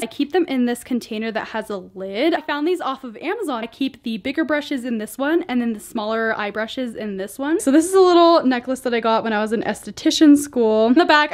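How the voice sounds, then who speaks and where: Bubbly young woman chatting casually. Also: sits high. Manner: bubbly, chatty, lots of fillers like "like". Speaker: vlogger giving a room tour. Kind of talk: casual chat. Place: bedroom at home.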